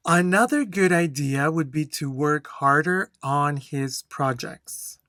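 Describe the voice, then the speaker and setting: A speaking-test instructor walks learners through a model answer at a very slow, careful pace, stopping often to ask whether they are following. The voice sits at a middling pitch and is recorded close and dry, with no room sound. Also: a bit bright, no room sound. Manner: slow, deliberate, checks in with "okay?" after each point; reads a model answer aloud with careful intonation.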